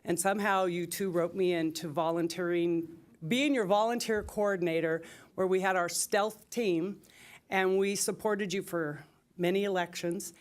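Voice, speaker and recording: A woman's voice: on the low side, fairly even intonation, normal speed. An older woman at a city council podium tells fond stories in tribute, emotional and close to tears. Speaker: public commenter. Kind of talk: public comment tribute.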